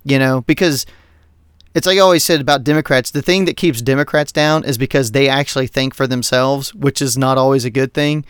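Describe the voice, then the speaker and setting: A man co-hosting a podcast, ranting about politics in a heated, profane, animated way. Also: mid-range voice, a little fast, smooth, no room sound, studio quality. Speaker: podcast co-host. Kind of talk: casual political rant.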